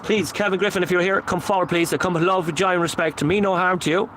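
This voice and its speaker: Seated on a memorial bench outdoors at night, a male paranormal investigator films a solo ghost-hunting vlog, calling out to spirits in earnest, repetitive pleas. His fairly high, somewhat bright voice is steady in tone and fast, and the poor-quality audio carries a clear hum of traffic and urban noise throughout.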